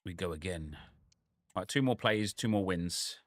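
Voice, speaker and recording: A man's voice: low-pitched, normal speed, no room sound, studio quality. A man, casually commenting on his football game while chatting with viewers. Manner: relaxed, chatty, reacting to the match and to viewers. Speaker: gaming streamer. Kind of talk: casual live gameplay commentary.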